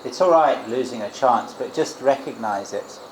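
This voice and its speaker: A man teaching as a Buddhist monk, giving an informal dharma talk and guided meditation in a gentle, musing way with frequent restarts. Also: medium pitch, normal speed, slight background noise. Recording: echoey room with loud crickets. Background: crickets and insects.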